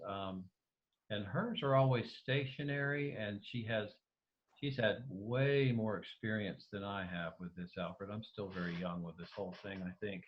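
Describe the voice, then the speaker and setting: Man, interview guest, lowish voice, halting speech, muffled lo-fi call audio. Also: slight background noise. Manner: hesitant, many restarts and fillers. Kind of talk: casual conversation over a video call. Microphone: video call.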